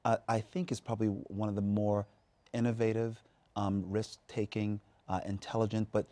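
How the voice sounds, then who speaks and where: A man's voice: fairly low pitch, level tone, warm tone, no room sound. A man, an actor guest on a talk show, searching for the right words as he talks. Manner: searching for words, quick talker. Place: TV studio.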